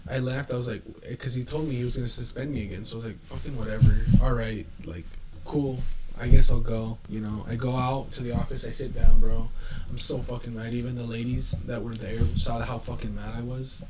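A man's voice: medium pitch, fairly even intonation, a little fast, background noise. A young man, a podcast co-host, telling a heated story in casual chat, swearing heavily and acting out the people he quotes.

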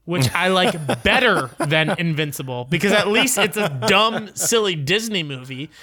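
A man's voice: sits high, expressive, moderate pace, sharp tone. A man hosting a casual podcast chat, talking sarcastically and dismissively, with lots of filler words. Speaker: podcast host.

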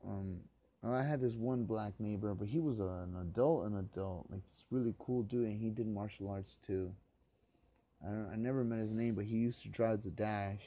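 A man's voice: on the low side, moderate pace, dark tone. A man from the Los Angeles area in a rambling solo podcast monologue, talking bitterly and with constant swearing, often rising into angry rants.

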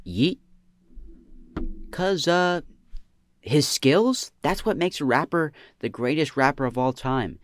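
Young male podcast host, slacker drawl, lively swooping pitch, dry close sound. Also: slow, long pauses, dry recording. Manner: slacker drawl, trailing off with "man" and "bro". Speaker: podcast host answering listener questions. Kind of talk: deadpan comedic podcast banter.

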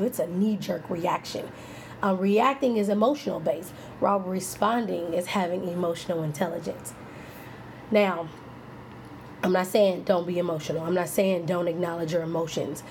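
A woman's voice: on the low side, darkish tone, slight background noise. Playful woman giving a candid pep talk. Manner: candid and playful, laughs often, quotes herself in voices. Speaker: self-help speaker. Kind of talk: casual motivational talk.

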